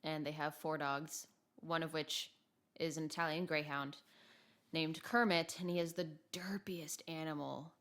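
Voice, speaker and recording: A woman's voice: deep voice, fairly even intonation, unhurried, a bit bright. A woman co-hosting a podcast in casual chat, asking questions and laughing often. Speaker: podcast co-host.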